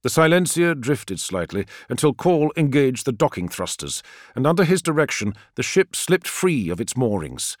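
A male narrator reads a science-fiction story with a lively, rising and falling delivery. His voice sits in a middle register and is recorded close and dry, with no room echo at all. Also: mid-range voice. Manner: measured, expressive storytelling. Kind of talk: scripted audiobook narration.

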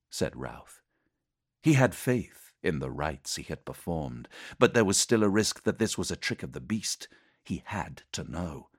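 A man's voice: low-pitched, expressive, unhurried, husky, dry recording, studio quality. A man narrating an action audiobook in a dramatic, intense scripted style.

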